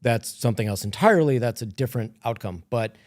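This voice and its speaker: A man speaking as a coach in a podcast interview, calm and explanatory. His voice sits in a middle register, and he often drops it softly as he makes his points. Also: mid-range voice, fast talker. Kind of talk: reflective coaching talk.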